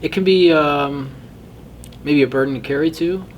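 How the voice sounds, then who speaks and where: A man interviewing a guest in casual conversation, relaxed and quick with short reactions. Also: a little high, recorded from a distance, a little hiss or hum.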